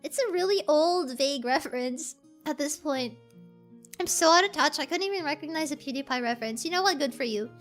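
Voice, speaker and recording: With a high, expressive and fairly bright voice, this VTuber talks briskly to her stream audience, giggling and rambling through plenty of fillers. The young woman is chatting casually while soft background music plays.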